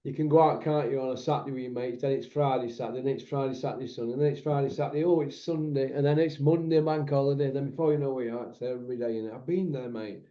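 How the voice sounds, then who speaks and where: A man's voice: medium pitch, steady tone, fast, few pauses, warm tone. A man, hosting a casual chat and telling candid, rambling stories with banter. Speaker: podcast host. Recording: echoey room, dull lo-fi sound.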